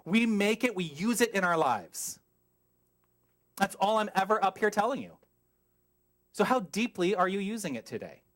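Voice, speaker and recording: A middle-aged man preaching a sermon as a minister, emphatic and animated, putting questions to the congregation and wandering off on tangents. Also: high-pitched, normal speed, pauses often.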